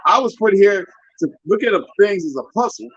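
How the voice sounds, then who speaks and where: A man's voice: high-pitched, expressive, fairly quick, a bit bright, slightly rough, dull audio. A man lecturing in a casual talk-show chat, full of his own theories. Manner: lecturing, talks about himself as a linguist. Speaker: guest.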